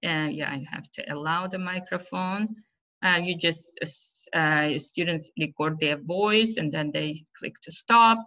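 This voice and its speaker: Bright-voiced Uzbek-accented woman teacher. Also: deep voice, measured pace. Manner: explanatory, many fillers and "right?" checks. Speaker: teacher trainer. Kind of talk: webinar presentation. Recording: dull lo-fi webinar audio.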